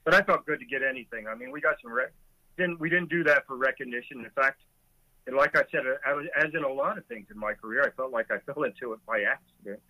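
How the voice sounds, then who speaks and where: Here the ex-Coast Guard boatswain's mate, a middle-aged man, talks fast in a mid-range voice while vividly recounting a rescue and chuckling as a guest in a conversation. The audio is dull and has no room sound.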